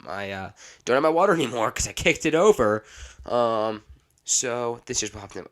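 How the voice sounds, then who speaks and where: Man, podcast host, solo monologue, rambling, exasperated, medium pitch. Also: moderate pace, a bit bright.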